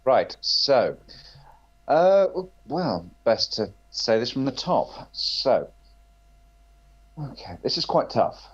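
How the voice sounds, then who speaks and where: A man on a podcast, speaking earnestly and haltingly with many pauses and fillers. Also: medium pitch, sing-song, husky, highs cut off. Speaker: podcast guest. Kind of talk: casual chat.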